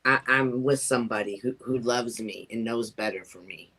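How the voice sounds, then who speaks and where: A woman talks sincerely about her faith during a casual panel, her voice bright and forward. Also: rumbling low, moderate pace, poor audio.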